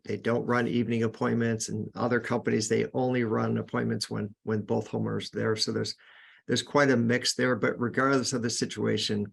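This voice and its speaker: A man's voice: on the low side, vocal fry. A man hosting a podcast, giving earnest, casual sales coaching with frequent restarts. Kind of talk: casual instructional talk.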